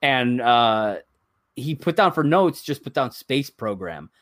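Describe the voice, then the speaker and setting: A man's voice: mid-range voice, sing-song, takes it slowly, a bit bright, no echo, studio quality. Man, podcast co-host, casual chat, reads from a list, rambling, chuckles.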